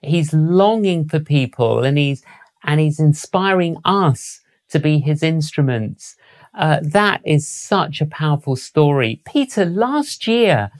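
A man hosting an interview, speaking in a measured, reflective way with small restarts. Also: fairly high pitch, big pitch swings. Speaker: host.

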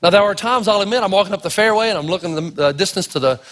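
A male pastor from Tennessee preaching a sermon full of stories, acting out voices and shouting for emphasis. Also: sits high, very fast, in a large hall. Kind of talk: sermon with storytelling.

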